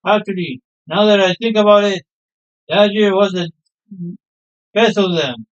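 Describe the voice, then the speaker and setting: A hearty, proud fisherman father from a game, homely and sentimental as he spins his stories, read aloud by a man. The voice sits fairly high and sounds smooth and clear. The recording is dull and lo-fi. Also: measured pace. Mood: fond. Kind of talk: reading game dialogue aloud.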